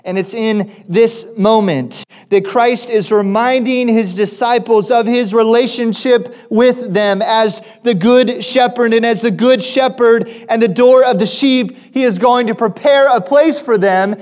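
A male pastor delivering a sermon at a slow, deliberate pace. His voice sits high for a man, and he keeps stopping to ask his listeners questions. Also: darkish tone. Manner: deliberate preaching with rhetorical questions.

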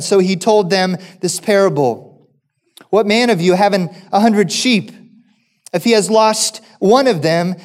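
A man's voice: high voice, darkish tone. A man preaching a sermon, reading scripture and asking the congregation rhetorical questions. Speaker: pastor.

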